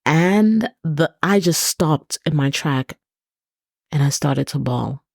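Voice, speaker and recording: A woman's voice: deep voice, lively intonation, slow, creaky, no room sound, clean studio sound. A woman hosting her own podcast, speaking earnestly in a personal, reflective monologue and repeating words for emphasis. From Britain. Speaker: podcast host.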